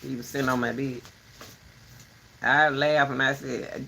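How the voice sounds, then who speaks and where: A woman hosting a casual rambling chat, animated and talkative, turning between her dogs and her viewers. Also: extremely low pitch, a little slow, vocal fry, pauses often, a little hiss or hum. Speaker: commentary channel host.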